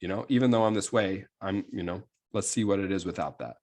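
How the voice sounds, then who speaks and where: With a deep, darkish voice and a quick pace, a man coaches listeners about self-sabotage. His talk is casual and rambling, packed with fillers and "right?" check-ins, and at times coarse and blunt.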